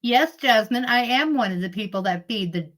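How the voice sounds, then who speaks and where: Brief: middle-aged woman, slightly high voice, chatty live-stream storyteller who laughs a lot. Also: animated, moderate pace, fairly bright tone, poor audio. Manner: chatty storyteller, laughs often, greets viewers. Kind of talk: casual live-stream chat.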